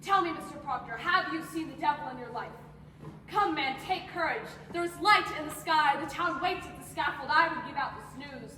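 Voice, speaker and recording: A teenage girl playing a stern Puritan magistrate pressing for a confession in a high school stage play. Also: pushed and bright, slight background noise. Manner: insistent, drawn-out questioning. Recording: echoey hall from far off, phone.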